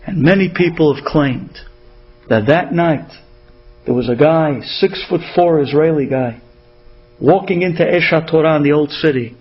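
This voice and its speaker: A man's voice: fairly high pitch, moderate pace, dull audio, a little hiss or hum. A man telling an inspirational story dramatically, repeating phrases and weaving in Hebrew terms.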